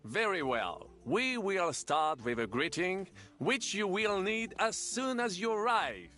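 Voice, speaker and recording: Fussy language teacher, slightly high, lively sing-song lines, precise and kinda exasperated, game character. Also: male voice, slow pace, soft background music, exaggerated voice. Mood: patient, exacting. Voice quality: precise, exasperated tutoring manner. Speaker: language tutor. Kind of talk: game voice acting.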